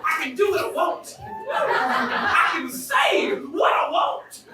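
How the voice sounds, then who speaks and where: A man in his thirties doing a stand-up comedy set, with a punchy, shouted delivery to a crowd. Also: very high-pitched, sing-song, slow. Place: comedy club stage with a live audience. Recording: echoey club from far off, crowd noise.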